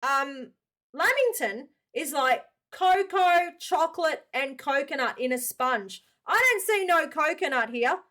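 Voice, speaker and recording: A woman's voice: high voice, animated, a little slow, bright, forceful tone. A young Australian woman with an Australian accent, hosting a reaction video and giving blunt, slangy opinions. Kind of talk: casual reaction commentary.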